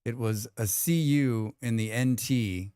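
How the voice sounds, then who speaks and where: A man's voice: medium pitch, slow pace, warm tone, smooth, dry recording, clean studio sound. A man hosting a game livestream, rambling casually and reading out chat messages. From United States. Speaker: livestream host. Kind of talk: casual chat with chat while gaming.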